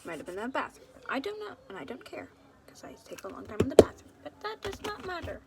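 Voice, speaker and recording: A woman's voice: sits high, very animated, fast talker, heavy background noise. A young woman casually reading her own fan story at home, rambling and chatty, with frequent asides.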